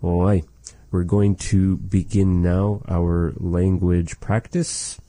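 A man teaching a language lesson, saying phrases slowly and carefully and repeating them for learners. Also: deep voice, little pitch movement, dark tone, dry recording.

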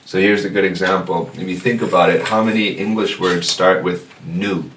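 A man teaching a language class, patiently explaining and slowly repeating words for his students. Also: sits low, steady tone, a bit bright. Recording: echoey room, distant mic, faint noise.

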